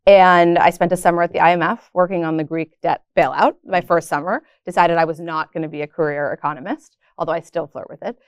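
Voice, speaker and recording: A woman from the Bay Area talks through her career as an interview guest, measured and self-deprecating. Her voice sits low and sounds smooth and clear, in a dry, close recording. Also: steady tone, dry recording. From Bay Area, California. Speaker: guest, venture capitalist. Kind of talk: casual interview conversation.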